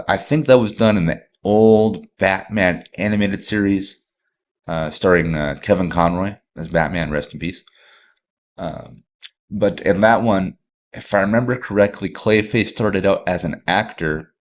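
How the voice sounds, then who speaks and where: A man's voice: low-pitched, muffled recording. A man hosting a podcast, talking casually and enthusiastically with lots of fillers and restarts. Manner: rambling, filler-heavy, enthusiastic. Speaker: podcast host.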